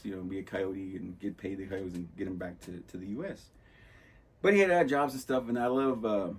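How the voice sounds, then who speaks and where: A husky, lowish male voice belongs to a podcast host who wanders casually through movie anecdotes. He acts out lines loosely and keeps the whole conversation relaxed.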